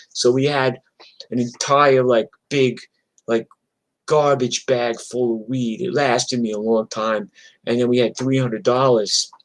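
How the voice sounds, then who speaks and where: Profane, animated man telling street stories. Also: mid-range voice, measured pace. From New York. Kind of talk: casual storytelling. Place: streamed from home.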